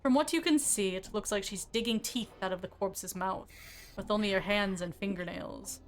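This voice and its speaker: A woman's voice: medium pitch, normal speed, soft background music. Casual woman streamer reading aloud. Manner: casual, swears, laughs at herself. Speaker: game streamer. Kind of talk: reading game text aloud while playing.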